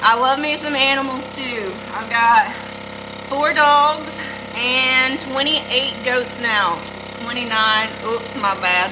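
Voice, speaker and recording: A woman's voice: high-pitched, takes it slowly. A middle-aged woman with a Southern US accent, chatting folksily on a livestream and greeting viewers by name while milking goats. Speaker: livestream host. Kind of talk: casual livestream chat. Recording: noisy with machine hum. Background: milking machine running.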